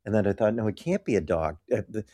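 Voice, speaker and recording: A man's voice: lowish voice, animated, fast, mellow. Guy telling a story in an interview, emphatic, does little voices for the people he quotes. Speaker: guest telling ministry stories.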